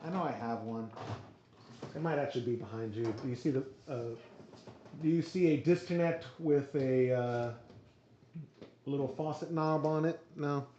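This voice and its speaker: A man with a mid-pitched voice chats in an easygoing, folksy way. He shows off gear as he talks. The audio is dull, with a faint hiss underneath. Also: moderate pace, pauses often, dark tone. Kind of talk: casual chat.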